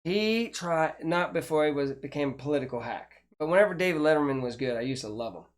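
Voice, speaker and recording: A man's voice: a little high, animated, fast. An older man, hosting a casual chat show and talking in a rambling, chatty way with frequent restarts. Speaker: host.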